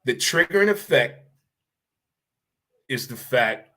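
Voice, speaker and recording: A man's voice: mid-range voice, slow pace. Emphatic man hosting a solo podcast rant. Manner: animated, emphatic, repeats phrases for effect; blunt, occasional swearing. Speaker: podcast host.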